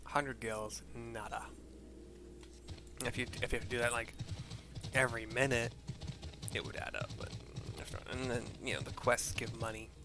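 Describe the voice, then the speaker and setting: A man's voice: mid-range voice, level tone, moderate pace, pauses often, background noise. A man casually reading out and narrating a game story for blind viewers, rambling, swearing and laughing at himself. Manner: rambling, swears, self-deprecating. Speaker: gaming narrator.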